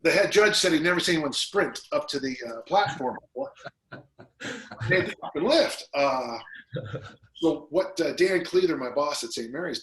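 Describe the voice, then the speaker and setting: A man of ordinary pitch, a coach talking as a podcast guest. He tells his stories with energy and slips into voices for the people he quotes. The recording carries a noticeable roomy echo. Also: slight background noise. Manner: animated storyteller who acts out quotes. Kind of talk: casual interview storytelling.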